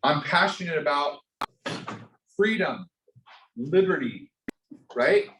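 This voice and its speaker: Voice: medium pitch, animated, slow, noisy background. A teacher coaching an entrepreneurship class, pushing students hard and calling on them by name. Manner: pushy, fired-up, calls on students directly. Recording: echoey classroom.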